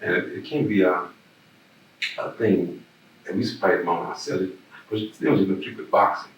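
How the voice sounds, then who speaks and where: Southern man, very low voice, rambling storyteller, echoey room with a distant mic. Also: moderate pace, a little hiss or hum. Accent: Southern American. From Birmingham, Alabama. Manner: rambling, repeats words, laughs while telling stories. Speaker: oral history interviewee. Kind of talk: casual storytelling.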